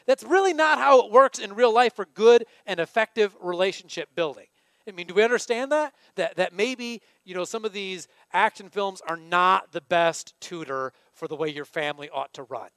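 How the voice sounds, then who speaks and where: A male pastor with a high voice gives a sermon in a relaxed, conversational manner. He often stops to ask his listeners questions. The sound is dry and close, with no room echo. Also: fairly quick. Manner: conversational, asks the congregation questions.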